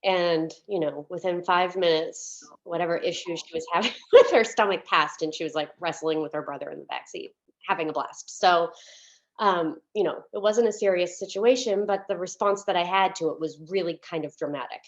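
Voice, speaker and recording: A woman minister gives a sermon as a candid, chatty personal story, full of fillers and restarts, at times close to tears. Her voice is lowish at a normal speed, captured on a dull lo-fi recording.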